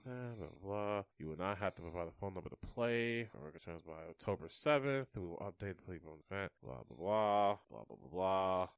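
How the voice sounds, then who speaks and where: A man co-hosting a casual gaming news chat, sarcastic and animated. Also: deep voice, fairly quick, hardly any pauses, smooth, no room sound. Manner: sarcastic, animated, puts on mocking voices. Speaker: podcast co-host.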